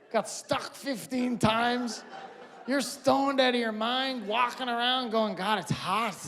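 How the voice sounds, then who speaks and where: High-voiced man doing animated stand-up. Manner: animated, shouts punchlines, mimics characters. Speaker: stand-up comedian. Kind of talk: stand-up comedy set. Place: comedy stage before a live audience.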